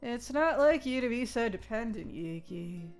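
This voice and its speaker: A woman with a high voice streams a visual novel, narrating its lines quietly before bursting into loud, laughing banter with her chat. Faint music plays under her talk. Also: expressive, normal speed. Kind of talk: live-stream reading and chat.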